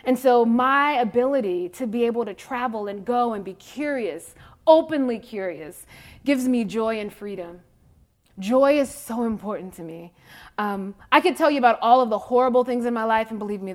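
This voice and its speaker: Emphatic woman in her forties, fairly high. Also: fairly quick. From Mississippi, USA. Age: 40s. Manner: candid, emphatic, repeats phrases for stress. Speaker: faith speaker addressing youth. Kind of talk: personal talk to young people.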